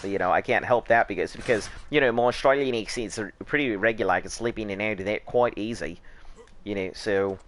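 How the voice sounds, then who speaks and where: A man's voice: lowish voice, brisk, fairly bright tone. A young man hosting a gaming video, chatting casually and rambling while he plays, often restarting and repeating words. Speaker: gaming channel host. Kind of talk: casual chat while playing a game.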